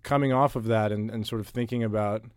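A very low-voiced man talks through his answers in a relaxed interview, circling back and repeating words as he gathers his thoughts. The sound is close and dry, with no room around it. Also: quick pace, clear, resonant tone, dry recording. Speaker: interviewee, writer. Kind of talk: casual interview talk.

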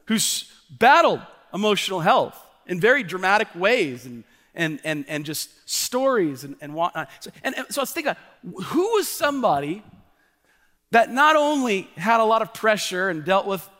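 Man in his thirties, pastor, sermon, chatty storytelling, a bit high voice, echoing church hall. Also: sing-song, normal speed, pushed and bright. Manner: casual storytelling with many fillers. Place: church auditorium. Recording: long reverb of a large church hall.

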